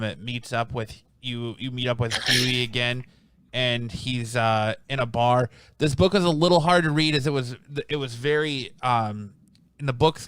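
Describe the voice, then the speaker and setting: A man's voice: mid-range voice, fairly bright tone, clear, resonant tone, no echo. A man hosting a casual comic book review show, rambling with many restarts and ums.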